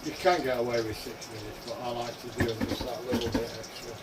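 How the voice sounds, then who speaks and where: A man's voice: mid-range voice, flat delivery, fast talker. A man chatting casually to his viewers while cooking in his home kitchen, calling them folks. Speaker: cooking vlogger. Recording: frying and running water noise. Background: sizzling pan and tap water.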